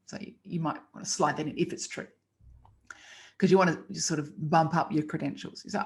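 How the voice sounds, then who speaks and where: A woman's voice: deep voice, steady tone, fairly quick. A woman teaching about pricing in a chatty, emphatic way, acting out client dialogue as examples. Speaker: copywriting teacher. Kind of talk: casual instructional talk.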